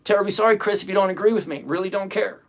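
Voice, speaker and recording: A man's voice: high-pitched, creaky. Blunt, exasperated man hosting a livestream. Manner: blunt, exasperated, counts down rapidly. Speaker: livestream host on stock trading. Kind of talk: casual livestream talk.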